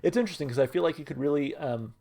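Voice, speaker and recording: Gravelly man rambling through a song reaction. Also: fairly high pitch, rapid-fire. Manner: rambling, hedging, lots of fillers and restarts; self-described untrained fan, relaxed and unpolished. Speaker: music reaction channel host. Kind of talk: casual reaction commentary.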